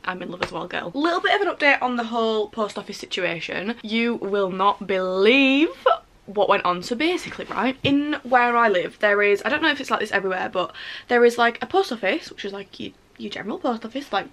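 A woman's voice: fairly high pitch, lively intonation, a little fast, fairly bright tone. A woman in her twenties with a British accent, chatting casually and gushing in a home vlog. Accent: British English. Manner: chatty, gushing, full of fillers. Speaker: vlogger. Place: bedroom at home.

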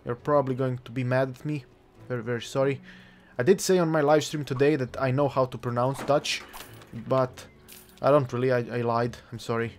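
A man's voice: mid-range voice, steady tone, a little fast. A man casually commentating on his own gameplay, joking around, chuckling and throwing in mock-outraged swearing. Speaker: gaming channel host. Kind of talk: let's play commentary.

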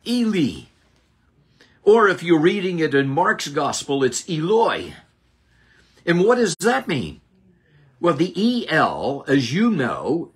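A man teaching a Bible lesson as a sermon, slow and deliberate, dropping low and rising high for emphasis. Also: fairly bright tone, breathy edge. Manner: slow, deliberate preaching with dramatic drops and rises.

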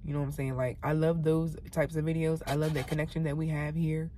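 Woman, tearful, heartfelt faith vlog, slightly low voice, faint car noise. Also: flat delivery, fairly quick. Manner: heartfelt, swings from loud exclaiming to soft near-whispers. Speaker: vlogger. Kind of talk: emotional faith vlog, talking to camera. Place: parked car.

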